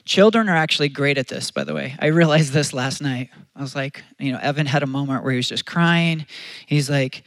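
A man's voice: fairly high pitch, steady tone, a little fast, a bit bright, dry recording. A man preaching a sermon as pastor, earnest and conversational, often restarting his phrases.

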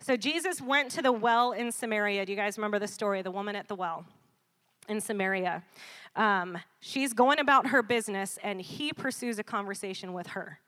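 A woman preaching a sermon in a lively, conversational way, laughing often and calling for responses from the congregation. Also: medium pitch, brisk.

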